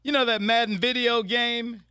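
A man hosting a morning radio show, joking and laughing with his co-hosts in lively banter. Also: very high-pitched, moderate pace, smooth, dry recording.

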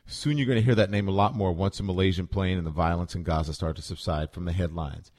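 A man with a very low voice delivers news commentary on morning radio. He speaks deliberately and bluntly, laying out the facts before his opinion. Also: darkish tone.

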